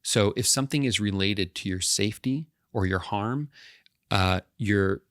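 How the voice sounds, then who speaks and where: A man's voice: on the low side, a little slow, dry recording, clean studio sound. A male counselor giving an educational talk to camera, explaining step by step and often checking in with the listener.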